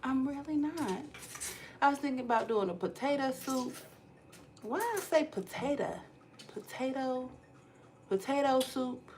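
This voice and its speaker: A woman's voice: sits high, animated, unhurried, pauses often, a little mellow, a little hiss or hum, low-quality recording. A woman hosting a casual live cooking stream from her home kitchen, chatting with viewers and reading their comments aloud. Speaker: cooking livestream host.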